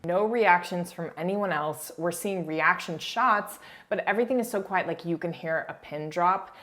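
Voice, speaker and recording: Chatty woman with a low voice, breezy TV recap, lots of asides and giggles. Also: normal speed, fairly bright tone. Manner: chatty, frequent "like", laughs while talking. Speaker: reality TV recap YouTuber. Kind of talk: casual commentary.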